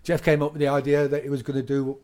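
A middle-aged man, telling animated stories as a DJ guest in a casual interview, laughing often and swearing now and then. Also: medium pitch, fast. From England.

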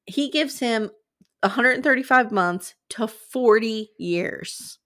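A woman's voice: a little high, animated, slow pace, fairly bright tone. A young adult woman co-hosting a podcast, earnestly retelling events step by step in casual chat. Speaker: podcast co-host.

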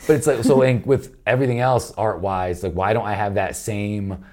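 A man's voice: fairly low pitch, steady tone, normal speed, a little mellow. A young adult man, a comedian guest in casual podcast chat, talking candidly and rambling, swearing freely and acting out quotes.

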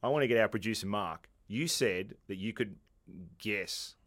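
Lowish guy host, teasing, laughs a lot, dry close mic. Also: normal speed, a bit bright, dry recording. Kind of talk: casual chat.

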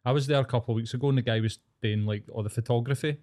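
A man's voice: medium pitch, very fast. Sweary Glaswegian man telling stories. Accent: Glaswegian Scottish. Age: 40s. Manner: sweary, animated storyteller who acts out relatives' lines. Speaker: podcast co-host. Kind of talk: casual comedy chat.

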